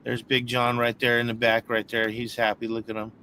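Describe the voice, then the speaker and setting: A man hosting a casual interview show, eagerly cheering his guest on with quick hyped affirmations. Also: medium pitch, completely flat delivery, a loud crowd. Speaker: host.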